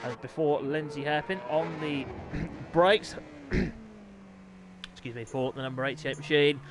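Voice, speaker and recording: A middle-aged man, hosting and commentating a motorbike racing game live, excitable and quick to break into shouts and laughter. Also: a little high, background noise. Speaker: gaming channel host and race commentator.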